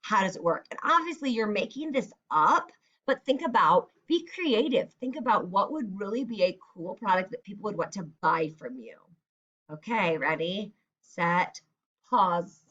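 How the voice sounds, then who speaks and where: A woman's voice: medium pitch, lively intonation, normal speed, a bit bright, highs cut off. A woman teacher giving a recorded writing lesson to children, guiding them step by step and acting out example sentences. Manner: step-by-step, encouraging, acts out example lines.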